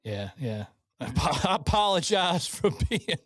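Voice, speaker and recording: A man's voice: fairly high pitch, very animated, slow, fairly bright tone, no echo. A man co-hosting a podcast in a studio, chatting casually with lots of swearing, laughter and banter. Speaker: podcast co-host. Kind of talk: casual political chat.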